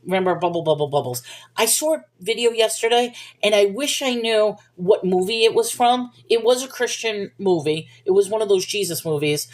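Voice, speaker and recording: A woman's voice: mid-range voice, lively intonation, normal speed. Rambling woman chatting about the Bible. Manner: rambling, digressive, apologizes for wandering. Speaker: livestream host answering viewer questions. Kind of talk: casual rambling Bible discussion.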